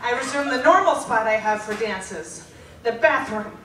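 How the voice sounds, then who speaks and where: A woman reading her teenage diary aloud at a live stage show, deadpan and often breaking into laughter. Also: a little high, normal speed, distant mic, very noisy. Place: theater stage before a laughing audience. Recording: roomy live theater recording with loud audience.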